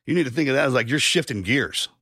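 A man's voice: medium pitch, animated, fast talker, sharp tone, breathy edge, no room sound, studio quality. A man co-hosting a podcast, folksy and rambling, who spins long analogies and swears casually. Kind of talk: conversational podcast talk.

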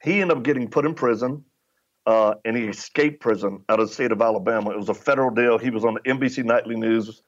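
A man's voice: mid-range voice, quick pace, lo-fi sound. A middle-aged man, a podcast guest, telling anecdotes in casual conversation and acting out the dialogue as he goes. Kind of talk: conversational storytelling.

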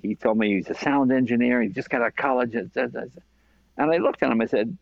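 A man's voice: medium pitch, a little fast, no echo, lo-fi sound. A man, a comedian and former late-night talk show host, telling casual stories as a guest and acting out both sides of each exchange. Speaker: podcast guest. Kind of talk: casual storytelling.

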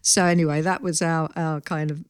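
A woman hosting a chat show, chatty and quick to laugh. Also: sits low, level tone, clean tone, no room sound. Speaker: host. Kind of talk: casual chat.

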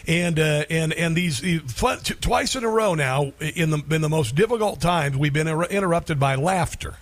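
Halting, reflective male radio host. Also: fairly high pitch, no echo. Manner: halting, many restarts and fillers. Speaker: radio talk show host. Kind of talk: personal story on talk radio.

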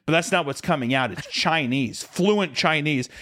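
Drunk male podcast host, rambling and profane, shrill screaming bits. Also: normal speed, pushed and bright. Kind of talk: comedic storytelling.

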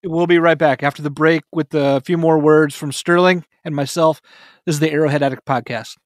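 A man's voice: fairly high pitch, steady tone, dry recording, clean studio sound. A man hosting a casual sports podcast, jokey and upbeat. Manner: jokey, upbeat, quick laughs. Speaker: podcast host.

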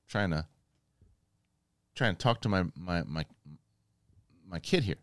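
Deep-voiced man recapping with animated asides. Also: unhurried, long pauses, no room sound, studio quality. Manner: animated, acts out quotes, many restarts. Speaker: host. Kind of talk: casual review recap.

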